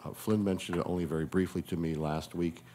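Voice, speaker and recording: City staff guy, really deep voice, measured explaining at a board meeting. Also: steady tone, dark tone. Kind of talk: public meeting remarks. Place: city hall meeting chamber.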